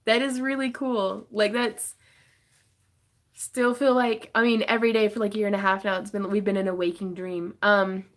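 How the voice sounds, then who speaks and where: A woman's voice: medium pitch, level tone, normal speed. A woman hosting a casual craft livestream from her home craft room, chatting, laughing often and reading viewer comments aloud.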